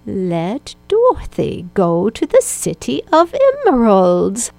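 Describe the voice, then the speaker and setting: Gentle old good witch, slow and solemn with a gravelly edge, played by a woman reading a storybook. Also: medium pitch, wildly swooping pitch, dry recording, heavily acted. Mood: kindly.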